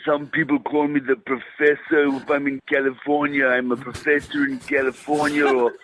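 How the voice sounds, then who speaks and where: A man putting on the voice of an older male action-film star, talking slowly and weightily while telling a story. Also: mid-range voice, level tone, background noise, close to an everyday voice. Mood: amused.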